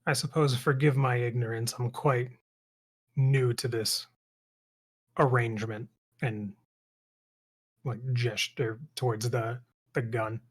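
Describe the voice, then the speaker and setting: A man's voice: mid-range voice, steady tone, slow pace, long pauses, husky. Hesitant man playing a tabletop game. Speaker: player. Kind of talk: casual tabletop game chat.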